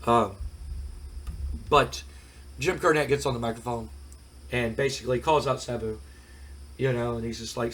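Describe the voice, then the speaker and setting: A man's voice: mid-range voice, steady tone, moderate pace, pauses often, fairly bright tone. A man recapping a wrestling sim game in a rambling, casual way, his voice cracking from a cold. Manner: rambling casual, many fillers. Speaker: gaming channel host. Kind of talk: let's play recap commentary.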